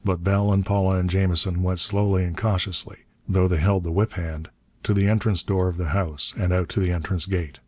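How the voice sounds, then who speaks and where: A man narrates an adventure audiobook in a very deep voice. His reading is steady and measured. The recording is dry and close, with no room sound. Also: dry recording.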